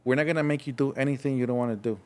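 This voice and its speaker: Young adult man from Los Angeles, podcast guest, frank halting storyteller. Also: medium pitch, steady tone. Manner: frank, halting, acts out voices in his story. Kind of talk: casual storytelling.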